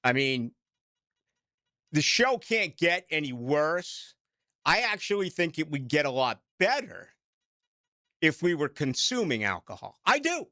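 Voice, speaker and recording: A man's voice: fairly high pitch, big pitch swings, unhurried, long pauses, pushed and bright, dry recording, clean studio sound. A middle-aged man with a Boston accent, hosting late-night sports talk radio in a rambling, self-mocking way.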